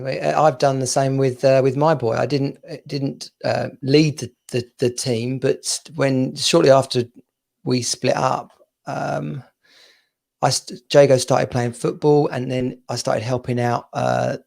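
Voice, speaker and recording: A man's voice: medium pitch, gravelly, a little mellow. A man co-hosting a podcast in casual chat, rambling and repeating words, with frequent laughs, over a video call. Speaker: podcast co-host.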